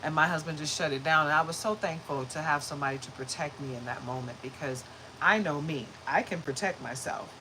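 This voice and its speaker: A woman's voice: low voice, brisk, noisy background. A woman hosting a spiritual reading livestream, talking casually and upbeat with frequent laughter and greeting viewers by name. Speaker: spiritual reader and livestream host.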